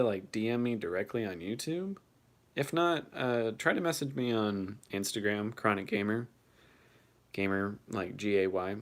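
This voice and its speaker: A man's voice: on the low side, moderate pace. A young man hosting his first livestream, reading chat and reacting casually, swearing now and then, his voice shaking from the cold.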